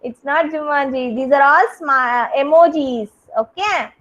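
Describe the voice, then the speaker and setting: A woman teaching a kindergarten class online, talking in an animated, sing-song way for small children over a video call. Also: high-pitched, measured pace. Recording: dull lo-fi video call audio.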